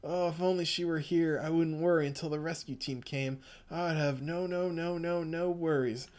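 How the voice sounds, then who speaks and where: A man doing a starving castaway who has gone off the deep end, his voice pushed well above normal and stretched thin. He coaxes, whines and snaps like a desperate cartoonish madman. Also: fairly even intonation, moderate pace, a little mellow, lightly acted. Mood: whiny. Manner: wheedling then snapping, high and strained. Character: starving shipwrecked man turned unhinged and menacing.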